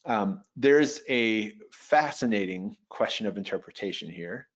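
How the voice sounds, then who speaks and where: A man teaching a Bible software webinar, thinking aloud as he works through a passage. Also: lowish voice, lively intonation, unhurried. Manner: thoughtful, thinking aloud with restarts. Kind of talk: webinar teaching with screen demo. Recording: dull lo-fi webinar audio.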